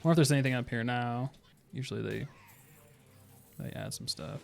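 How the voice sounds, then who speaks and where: A man's voice: mid-range voice, brisk, creaky, soft background music. A young man giving casual, rambling commentary while he plays a video game, often laughing to himself. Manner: laid-back, laughing, rambling asides. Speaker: streamer.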